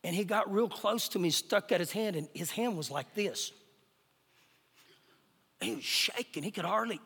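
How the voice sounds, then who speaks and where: Man, middle-aged, pastor, emphatic sermon, very high pitch, long hall reverb. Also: moderate pace, creaky, long pauses, breathy edge. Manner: emphatic preaching, rises loud then drops soft. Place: church sanctuary. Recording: live church recording with long hall reverb.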